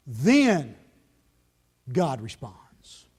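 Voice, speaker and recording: A male pastor delivers a sermon in a church sanctuary. His voice sits high for a man, and he moves from forceful emphasis to soft, hushed appeals. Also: lively intonation, normal speed, pauses often. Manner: emphatic, swinging from loud to hushed.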